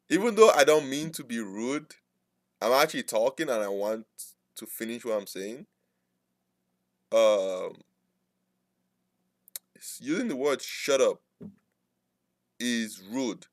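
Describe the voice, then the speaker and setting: A man's voice: mid-range voice, animated, takes it slowly, long pauses, dry recording. A man talking casually to his viewers, rambling and correcting himself as he goes. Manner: rambling, self-correcting, mimics interruptions. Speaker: trading streamer. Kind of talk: casual talk to camera.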